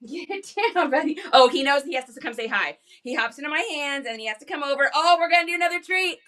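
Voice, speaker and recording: A woman hosting a casual live stream, bubbly and excitable, talking into a phone. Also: fast. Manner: bubbly, excitable, high-energy. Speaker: live-stream reseller host.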